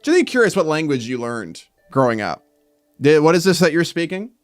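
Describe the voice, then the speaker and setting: A man streaming while he draws, reading viewer comments aloud and breaking into loud mock outrage with swearing. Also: on the high side, sing-song, brisk, no echo, clean studio sound, faint music behind. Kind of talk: casual live-stream chat while drawing.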